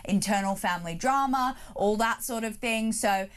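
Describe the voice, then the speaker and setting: A woman with a nasal Australian accent who speaks as a co-presenter on a studio talk show and gives firm opinions in steady commentary. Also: mid-range voice, moderate pace, clean tone. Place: broadcast studio.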